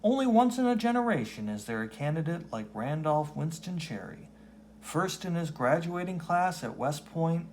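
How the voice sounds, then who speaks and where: A man's voice: on the high side, darkish tone, a little hiss or hum, voice pushed up. A man playing a grandiose announcer reading a campaign advertisement in a comic. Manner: grand, salesy announcer delivery. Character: booming male campaign-ad announcer.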